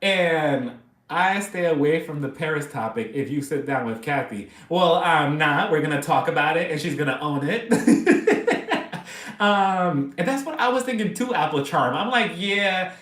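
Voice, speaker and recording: A man hosting a casual live stream, chatting excitably and gossiping about reality TV between laughs. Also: a little high, normal speed, echoey room.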